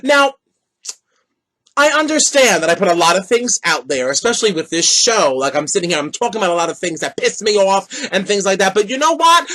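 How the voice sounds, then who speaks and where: A man's voice: sits high, sharp tone. A man hosting his own podcast, delivering an opinionated, sassy monologue with whooping exclamations. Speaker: podcast host.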